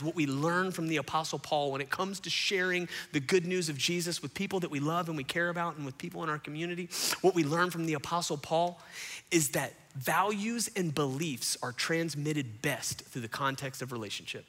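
Man, pastor, sermon, bright forceful voice, slightly high, loud then hushed storytelling. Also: brisk. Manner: animated storytelling, swinging between loud and hushed. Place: church stage.

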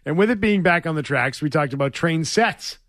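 A man's voice: fairly high pitch, expressive, fairly quick, very noisy. A man hosting a sports radio show, chatting casually, laughing often and reading ad copy with playful flair.

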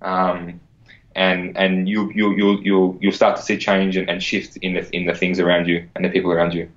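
Male guest, low voice, energetic and profane, echoey muffled recording. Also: normal speed. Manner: energetic, swears freely, repeats words. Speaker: podcast guest. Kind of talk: casual interview chat.

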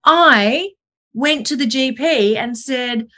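A woman in her forties, a podcast guest talking candidly over a video call, animated and self-mocking as she tells her story. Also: sits high, slow. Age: 40s. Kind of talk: candid conversational interview.

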